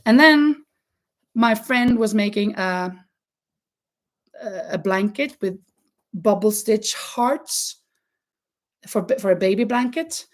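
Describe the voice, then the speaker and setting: A woman's voice: slow pace, pauses often. A woman chatting casually about her knitting and crochet projects, often restarting words as she talks. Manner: chatty, restarts words, lively rises in pitch. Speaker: crafts vlogger. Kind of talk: casual chat showing crafts.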